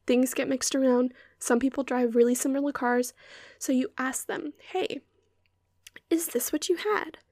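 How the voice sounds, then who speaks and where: A woman's voice: high-pitched, gravelly, mellow, no echo, studio quality. A young woman hosting a podcast, ranting in an exasperated, sarcastic and sweary way. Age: young adult. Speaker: podcast host. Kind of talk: ranting monologue.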